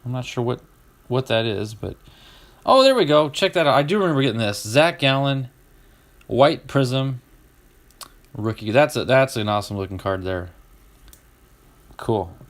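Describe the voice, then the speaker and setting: Excitable middle-aged man opening cards. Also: mid-range voice, moderate pace, long pauses. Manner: excited, exclaims over each card. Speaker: host opening card packs. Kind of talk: casual live-stream chat.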